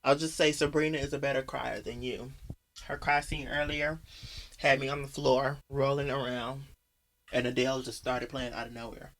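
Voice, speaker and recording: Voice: medium pitch, little pitch movement, normal speed, a bit bright. A podcast host recapping an old TV movie in a comedic, mocking way, swearing freely and laughing often.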